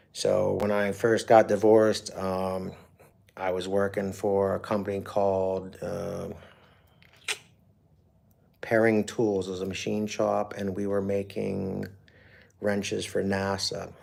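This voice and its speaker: A middle-aged man with a very low, gravelly voice tells a long personal story on his livestream. He rambles and swears with feeling, and his talk is full of fillers and restarts. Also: level tone, slow pace, pauses often, darkish tone. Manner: profane, emotional, with frequent fillers. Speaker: livestream host.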